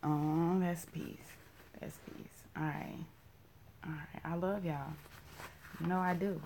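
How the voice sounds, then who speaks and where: A woman hosting a live stream in casual spiritual talk, blunt and profane, joking with viewers and repeating words softly. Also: low voice, fairly even intonation, slow pace, vocal fry, slight background noise.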